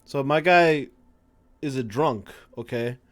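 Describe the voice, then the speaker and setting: A man's voice: medium pitch, takes it slowly, a bit bright. Casual, cursing male streamer. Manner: casual, swears often, stumbles while reading aloud. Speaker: streamer playing a game. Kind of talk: casual live-stream commentary.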